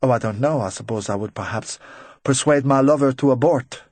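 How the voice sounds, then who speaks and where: A man's voice: mid-range voice, brisk, darkish tone, dry recording, lightly acted. A man reading a formal, hesitant woman who speaks stiffly and without contractions.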